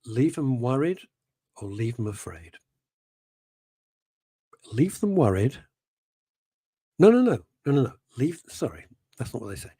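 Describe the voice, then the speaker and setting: A man's voice: mid-range voice, very animated, measured pace, long pauses, warm tone, breathy edge, dry recording, studio quality. A middle-aged man hosting a radio show, chatting casually in a rambling, self-interrupting way and reading out listener messages.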